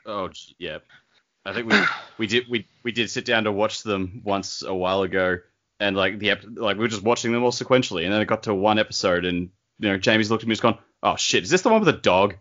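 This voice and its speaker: Man, lowish bright voice, lively, casual book chat, muffled mic. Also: fast talker. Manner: animated, does squeaky character impressions. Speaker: podcast co-host.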